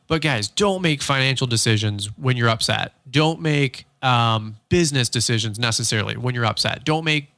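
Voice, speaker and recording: A man's voice: mid-range voice, normal speed, hardly any pauses, a bit bright, no room sound. A man co-hosting a casual business podcast, rambling and joking, with frequent laughs. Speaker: podcast co-host.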